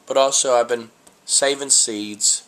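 A man's voice: medium pitch, fairly even intonation, a little slow, a bit bright. A man giving a rambling, laid-back tasting review on a casual vlog, full of folksy slang. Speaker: pepper reviewer.

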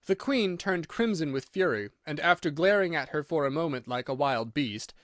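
Animated male audiobook narrator. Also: on the high side, normal speed, hardly any pauses, no echo, studio quality. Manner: expressive, animated reading.

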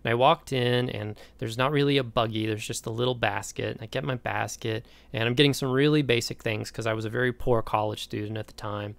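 Gravelly-voiced American man lecturing. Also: mid-range voice, a little fast, few pauses, dry recording. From United States. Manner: animated storytelling, playacts his own past lines. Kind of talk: recorded lecture with a personal anecdote.

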